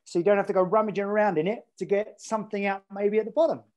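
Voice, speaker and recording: A man's voice: high voice, fairly even intonation, very fast, darkish tone. An English man, a podcast guest, telling a story in a rambling, chatty way with lots of fillers. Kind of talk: casual storytelling.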